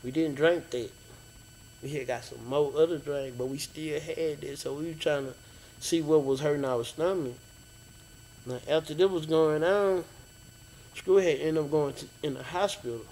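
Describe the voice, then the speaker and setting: A man with a somewhat high voice for a man recalls events in a relaxed, rambling way. He drops slang like "fam" and "bro". A faint hiss of background noise runs under his voice. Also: normal speed, pauses often, rough recording. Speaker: interviewee, friend of the late DJ. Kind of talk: casual storytelling interview.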